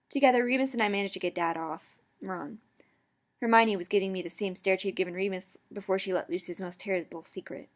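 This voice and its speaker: A woman's voice: mid-range voice, a little fast. Woman reading her story, stumbling now and then. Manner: stumbles and corrects misreadings. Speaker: fan fiction reader.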